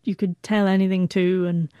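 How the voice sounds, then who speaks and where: Female interview guest in her forties; stutters on word starts, warm mellow voice, dry recording. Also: fairly low pitch, level tone, moderate pace, smooth, dry recording, highs cut off. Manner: heartfelt, reflective. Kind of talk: personal storytelling.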